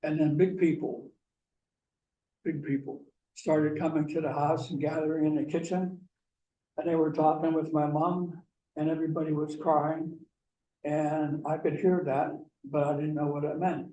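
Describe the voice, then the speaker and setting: Guy from pennsylvania telling his story slow, flat mellow voice, echoey room far from the mic. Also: fairly high pitch, dull audio, a little hiss or hum. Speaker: guest speaker. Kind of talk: personal storytelling talk.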